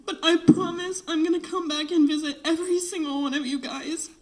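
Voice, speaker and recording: A teenage girl with a high, light voice gives an emotional farewell to her bandmates. She sounds tearful and earnest, and she stops now and then to apologize. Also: steady tone, brisk, darkish tone, low-quality recording. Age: late teens. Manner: tearful, heartfelt, breaks off to apologize. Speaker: graduating senior flute player. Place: band room.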